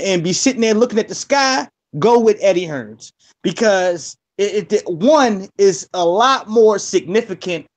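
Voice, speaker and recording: A man's voice: high voice, a little mellow. A man co-hosting a boxing live stream, lecturing emphatically with plenty of swearing. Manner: profane, preachy, emphatic. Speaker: co-host on a boxing show. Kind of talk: heated live-stream rant.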